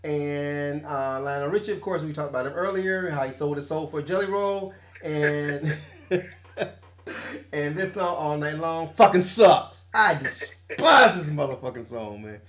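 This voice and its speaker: A man hosting a casual music review podcast, profane and animated, laughing often as he talks. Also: on the high side, a little slow. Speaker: podcast host.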